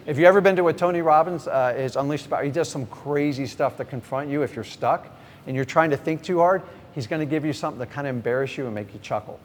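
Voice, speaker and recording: Energetic middle-aged man coaching a crowd. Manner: energetic, talks straight to the crowd. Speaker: real estate coach. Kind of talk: live seminar teaching. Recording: reverberant hall, faint rumble.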